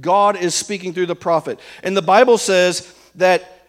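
High-voiced emphatic male preacher. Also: fairly even intonation, unhurried. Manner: emphatic, fires rhetorical questions at the congregation. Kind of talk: sermon.

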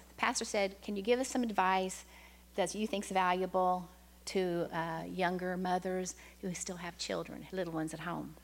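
A woman's voice: medium pitch, vocal fry. An older woman, a grandmother, giving a prepared talk in church, nervous and reading from her typed notes. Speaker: church member sharing a talk.

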